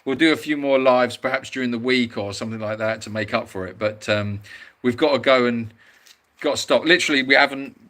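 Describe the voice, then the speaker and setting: A man with a mid-range, fairly bright voice talks fairly quickly as he hosts a casual live stream from home. He runs an animal sanctuary and rambles while reading out viewer comments, moving about the house as he chats.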